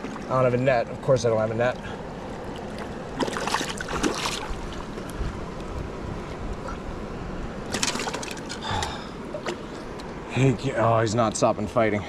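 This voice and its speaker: A man fishing on a river, giving excited commentary to the camera and exclaiming over and over. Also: mid-range voice, drawn-out words, long pauses, background noise. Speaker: fishing vlogger. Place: outdoors by a river.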